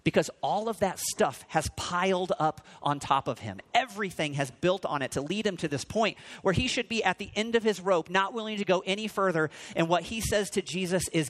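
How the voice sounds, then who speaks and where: A man preaching a sermon, moving between quiet reflection and loud, acted-out quotes. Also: animated, normal speed. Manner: dramatic swings in pitch and volume, acting out quotes. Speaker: pastor.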